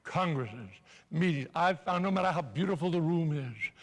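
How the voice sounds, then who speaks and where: An older man giving a live motivational speech to an audience in a large hall, animated and playful as he urges the crowd along. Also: fairly high pitch, moderate pace. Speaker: motivational speaker. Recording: long reverb in a hall.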